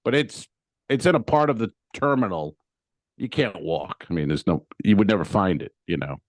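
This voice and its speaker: A low-voiced man co-hosts a comedy podcast, telling a story in a casual, profane way and acting out his own exclamations with animation. He speaks at a normal speed, and the studio sound is clean with no echo.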